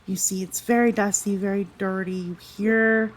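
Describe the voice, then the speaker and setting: This woman's game-master narration for a tabletop game rambles along chattily, packed with fillers and self-corrections. She speaks at a medium pitch and moderate pace with fairly even intonation, on a rough recording with a little hiss or hum.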